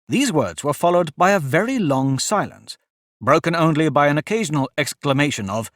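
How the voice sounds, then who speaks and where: A man with a mid-range voice narrates an audiobook, telling the story in a measured, expressive way. The studio-quality recording has no room sound.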